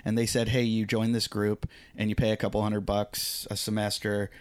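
Animated man telling a story. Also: fairly low pitch, normal speed, clear, resonant tone. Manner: animated, acts out quoted voices, swears freely. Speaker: podcast guest, comedian. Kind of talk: casual storytelling.

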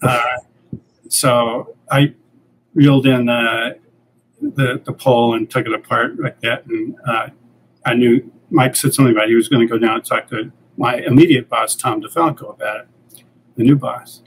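An older man, a comics creator and editor, telling relaxed anecdotes as a guest in a casual interview. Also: medium pitch, normal speed, slight background noise, low-quality recording. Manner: relaxed anecdotal, acts out quoted dialogue.

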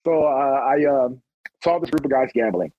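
A man's voice: mid-range voice, moderate pace, dry recording, lo-fi sound. A middle-aged man from Long Beach, a police officer telling stories in a casual interview and acting out the people he quotes. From Long Beach, California. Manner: animated storyteller who acts out quotes.

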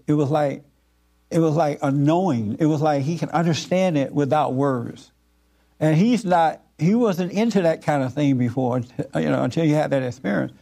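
A man giving an informal spiritual talk to a group, earnest and repetitive, with frequent halting fillers. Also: a little high, warm tone.

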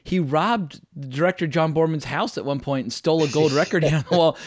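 A man's voice: fairly high pitch, brisk, no echo, clean studio sound. A man hosting a podcast, chatting casually with strong, emphatic opinions. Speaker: podcast host.

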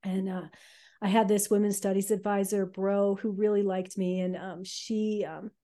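A woman telling her own life story on a podcast, candid and halting, with many fillers. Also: mid-range voice, level tone, warm tone.

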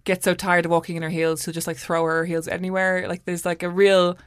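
A woman's voice: fairly low pitch, flat delivery, fairly quick, smooth, no echo, studio quality. A woman hosting a casual book podcast, talking chattily with fillers and tag questions. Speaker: podcast host.

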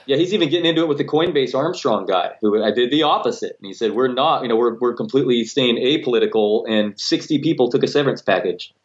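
Fast-talking man on a dull line. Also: mid-range voice, lively intonation. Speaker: podcast co-host. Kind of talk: casual opinion chat.

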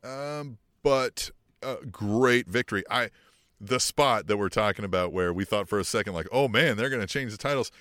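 A man co-hosting a wrestling podcast, chatting playfully and laughing as he acts out loud quotes. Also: on the low side, moderate pace, dry recording, studio quality. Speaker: podcast co-host. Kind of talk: casual wrestling podcast chat.

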